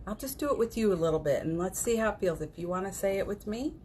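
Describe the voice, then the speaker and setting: A woman hosting a livestream, leading a guided healing practice in a gentle voice that repeats phrases softly and often sinks to a near whisper, with casual encouraging asides. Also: mid-range voice, animated, a little fast, slight background noise. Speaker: host of a morning livestream.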